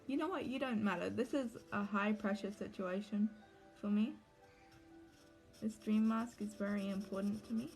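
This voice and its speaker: A woman's voice: medium pitch, moderate pace, a little mellow, soft background music. A young woman, livestreaming as she crafts a cosplay mask, chatting anxiously and rambling to her viewers. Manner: anxious, rambling, talks to chat while drawing. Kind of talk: casual livestream chat while crafting.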